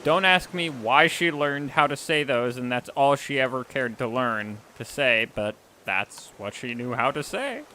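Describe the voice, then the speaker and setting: A man's voice: medium pitch, expressive, measured pace, hardly any pauses, pushed and bright, slight background noise. A man chatting casually while streaming a game, rambling and self-deprecating, with frequent chuckles. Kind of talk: casual gaming chat.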